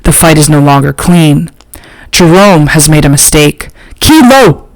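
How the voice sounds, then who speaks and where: A woman narrating an audiobook in a slow, measured, literary reading. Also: low voice, steady tone, darkish tone, no room sound, low-quality recording. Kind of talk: scripted narration.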